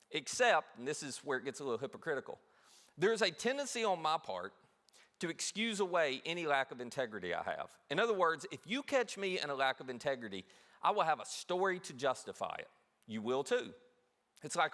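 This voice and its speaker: A man pastor preaching a sermon in a church, animated, acting out quoted voices. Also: on the high side, a little fast. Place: church auditorium. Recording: long hall reverb.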